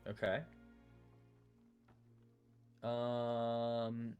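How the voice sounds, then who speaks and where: A man's voice: mid-range voice, completely flat delivery, very slow, a little mellow, dull audio, soft background music. A man running a tabletop game as game master, narrating in a rambling, self-correcting way with many fillers.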